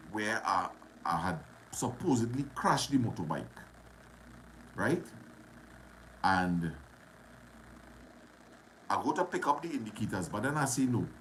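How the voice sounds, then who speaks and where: A man with a Trinidadian accent tells a personal story to camera in a casual, animated way, repeating phrases for drama. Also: fairly low pitch, a little hiss or hum. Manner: animated, dramatic retelling with repetition and dialect.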